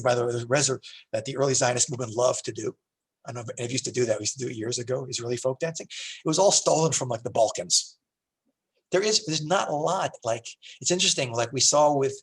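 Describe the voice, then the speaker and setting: A middle-aged man lectures as a rabbi in a synagogue, his voice slightly husky and breathy. He talks conversationally, often restarting sentences, and gets animated when telling stories. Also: mid-range voice. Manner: animated storytelling with many restarts.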